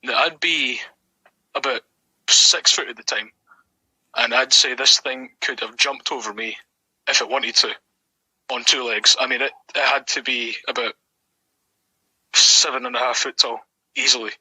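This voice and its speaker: A young Scottish man appears as a guest, telling a rambling, sweary story packed with ums and likes. His mid-range voice is husky and sharp, fairly even, a little slow with long pauses, on a rough recording with no echo.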